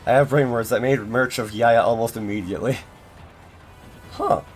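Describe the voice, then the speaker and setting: A man's voice: mid-range voice, moderate pace. A man streaming a video game, chatting casually with his audience, rambling and self-deprecating with lots of fillers and restarts, faint game music behind. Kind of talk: casual gaming stream chat.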